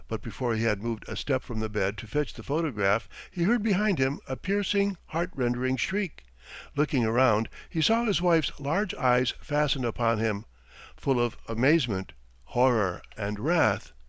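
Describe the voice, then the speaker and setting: A man reading a classic short story aloud in an expressive, measured narration. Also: mid-range voice, dry recording. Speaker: audiobook reader. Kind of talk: audiobook narration.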